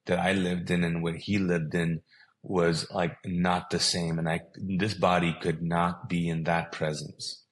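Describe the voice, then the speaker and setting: A man's voice: low voice, little pitch movement, unhurried. A middle-aged man whose first language is Urdu, telling a personal story as a guest and acting out the dialogue in it.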